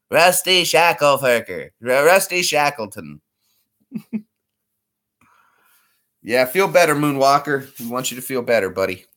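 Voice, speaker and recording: A man's voice: medium pitch, big pitch swings, measured pace, long pauses, fairly bright tone. A man chatting casually in a vlog, rambling and laughing between attempts at impressions. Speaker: vlogger.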